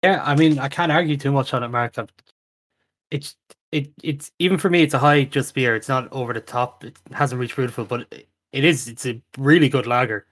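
A man's voice: mid-range voice, brisk, a bit bright. Guy on a podcast, blunt, repeats himself, hypes things up. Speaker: podcast co-host. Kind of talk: casual chat.

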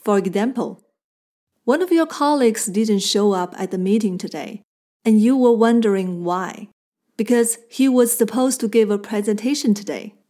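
A woman teaching a language lesson from a script. She explains clearly and patiently and slows down for example phrases. Her voice is mellow and warm, at a mid pitch.

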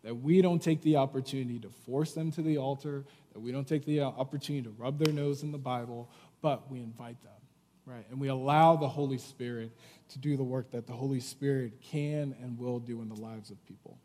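A man's voice: mid-range voice, steady tone, fairly quick, mellow. Man preaching in an echoing hall. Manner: conversational preaching, frequent "right?" and fillers. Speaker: pastor. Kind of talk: sermon. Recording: long hall reverb.

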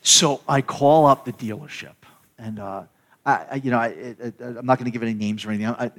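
Speaking a bit quickly in a fairly bright, medium-pitched voice with fairly even intonation, a middle-aged pastor tells his sermon like a loose conversation. He frequently restarts and repeats words.

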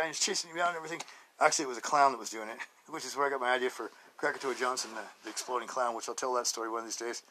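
Guy with a bright punchy voice rambling on his podcast, folksy and jokey, laughs a lot. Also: mid-range voice, slight background noise. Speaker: podcast host. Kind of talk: casual rambling monologue.

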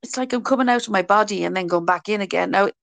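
A woman's voice: mid-range voice, quick pace, gravelly, a bit bright, dry recording. A woman from Dublin with a Dublin accent, co-hosting a podcast in easy casual chat. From Dublin, Ireland. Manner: chatty, laughs easily. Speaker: podcast co-host.

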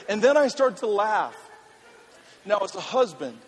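A male pastor telling a funny personal story in a sermon, animated and laughing, then turning earnest. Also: extremely high pitch, moderate pace. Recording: reverberant hall with faint ambience.

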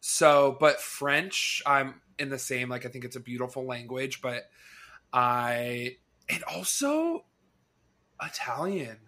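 A man's voice: medium pitch, level tone, slow, bright, forceful tone. A man from the United States co-hosting a podcast, chatting casually and asking questions. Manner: chatty, upbeat, asks questions. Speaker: podcast co-host. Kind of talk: casual chat.

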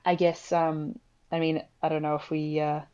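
A woman's voice: low voice, little pitch movement, normal speed, mellow, dull audio. A young woman who works as an emergency nurse, chatting casually and filling her talk with likes and ums. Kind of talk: casual podcast chat.

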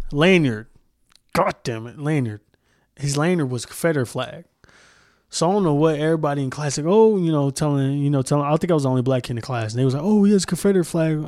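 A young man ranting alone on his podcast, swearing freely and circling back on his own sentences. His voice sits at an ordinary middle pitch, recorded dry and close with no room sound. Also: a little mellow, no echo. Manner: profane, heated, rambling with restarts. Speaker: podcast host. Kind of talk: casual solo podcast rant.

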